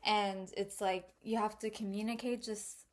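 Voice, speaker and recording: A woman's voice: medium pitch, steady tone, unhurried. A young woman co-hosting a casual podcast chat, reflective and a little hesitant, with lots of fillers. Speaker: podcast co-host.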